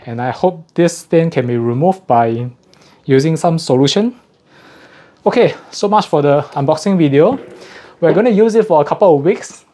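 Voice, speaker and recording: A fairly high-pitched, warm-toned man unboxes audio gear in a relaxed review. Slightly out of breath, he lays out the technical details methodically, pausing to correct himself now and then.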